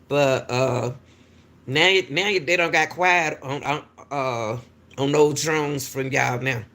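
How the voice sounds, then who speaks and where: A woman, a school crossing guard, casually telling viewers a story in an animated way and calling out to them often. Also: extremely low pitch, slow pace. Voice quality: talks straight to viewers with repeated "y'all", animated and laughing.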